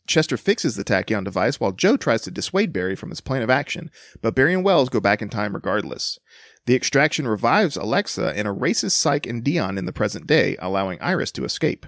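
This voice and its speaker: A man's voice: medium pitch, brisk, no echo. Male co-host, playful, lots of inflection, dry close sound. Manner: playful, laughing, expressive inflections. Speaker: podcast co-host. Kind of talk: casual chat, reading an episode summary.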